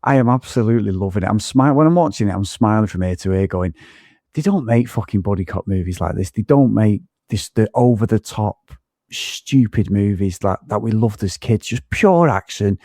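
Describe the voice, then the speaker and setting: A man co-hosting a podcast, talking through a film in an excitable, sweary, rambling way with many restarts. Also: fairly low pitch, moderate pace, no echo, clean studio sound. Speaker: podcast co-host. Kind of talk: casual film review chat.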